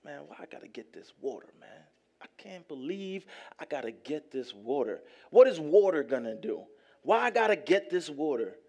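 A man's voice: a little high, sing-song, normal speed, gravelly, warm tone, pitched below the performer's own voice, exaggerated voice. A preacher voicing a reluctant male servant who mopes and complains about fetching water. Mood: grumbling. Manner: moping, complaining.

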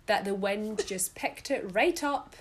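A woman's voice: mid-range voice, slow pace, a little hiss or hum. A Scottish woman co-hosting a podcast, telling a story in casual chat and laughing as she talks. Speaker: podcast co-host.

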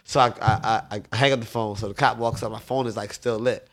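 A man's voice: fairly low pitch, fairly even intonation, brisk. A man, telling stories in a laid-back, streetwise way in a podcast studio. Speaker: bar owner guest. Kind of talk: casual storytelling.

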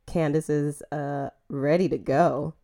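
A woman's voice: sits low, fairly even intonation, slow, mellow. A woman hosting a casual podcast, teasing and giggling with her guest. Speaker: podcast host.

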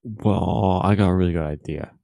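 Low, gravelly co-host man. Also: moderate pace, mellow, no room sound. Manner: dry, absurd one-liners. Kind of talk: comedic casual chat.

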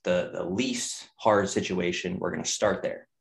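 Podcast guest: young male fitness coach, low voice, blunt and profane, loops ideas together. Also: fairly even intonation, unhurried, gravelly. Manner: candid, profane, repeats ideas in chains. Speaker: nutrition coach and personal trainer, podcast guest. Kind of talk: casual podcast talk.

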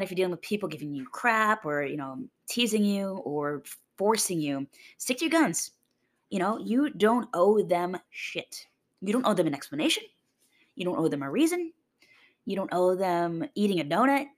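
Fitness vlogger, woman, lowish voice with lots of swing, blunt and casually profane. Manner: blunt, swears casually, animated mimicry of others. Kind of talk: casual motivational monologue.

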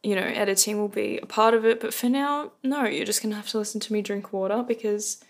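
A young woman talks straight into a close podcast mic, rambling through a story with lots of fillers and restarts. Her mid-pitched voice carries a gravelly fry, and she pokes fun at herself as she goes. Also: fast. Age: young adult. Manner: rambling, self-deprecating, many fillers. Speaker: podcast host. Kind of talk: casual rant podcast.

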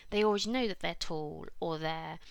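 A woman's voice: fairly low pitch, moderate pace, creaky, clean tone, dry recording. A woman, hosting her own podcast in a chatty, emphatic and encouraging monologue. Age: 30s. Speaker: podcast host.

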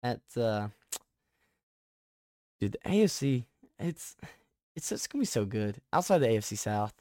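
A young man hosting a casual sports podcast who gets excited, rambles and often restarts his sentences. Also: medium pitch, unhurried, no echo, studio quality. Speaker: podcast host.

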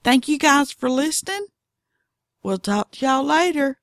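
Slow, drawling Southern woman podcaster. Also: high voice, animated, no echo, studio quality. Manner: chatty, folksy, drawling. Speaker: knitting podcast host. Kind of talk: casual podcast monologue.

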